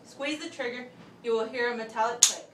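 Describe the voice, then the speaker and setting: A young woman giving a step-by-step class demonstration speech, talking methodically with pauses and restarts. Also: fairly high pitch. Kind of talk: step-by-step instructional demo. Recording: echoey room, voice from a distance, faint background hum.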